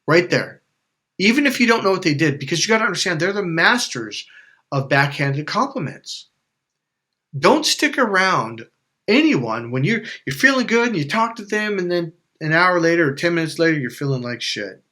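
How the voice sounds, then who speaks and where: A man's voice: on the high side, very animated, moderate pace, sharp tone. A man hosting a motivational coaching talk, speaking bluntly and emphatically with plenty of swearing and repeated phrases. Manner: acts out voices of people in his stories. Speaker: life coach and channel host. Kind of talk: direct-to-camera motivational talk.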